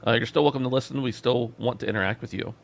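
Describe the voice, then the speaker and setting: A man's voice: mid-range voice, steady tone, very fast, vocal fry. A man hosting a gaming podcast, chatting casually and joking around as he runs the show. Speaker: podcast host.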